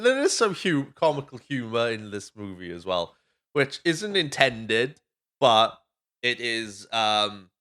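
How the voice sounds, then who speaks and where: A man's voice: mid-range voice, fairly bright tone. Rambling Welsh man recapping a movie. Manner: rambling, swears freely, goes off on tangents. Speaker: podcast host. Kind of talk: casual movie recap chat.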